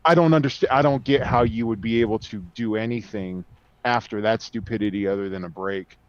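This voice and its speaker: A man's voice: fairly low pitch, a little fast, no room sound. A man co-hosting a podcast in casual chat, laid-back and agreeable. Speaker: podcast co-host. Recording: dry, dull lo-fi sound.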